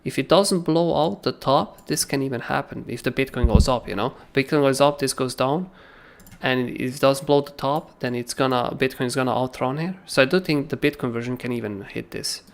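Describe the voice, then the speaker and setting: A man hosts a crypto trading livestream, walking through charts in a casual, animated way and frequently asking "right?". His voice is medium-pitched and creaky, at a normal speed.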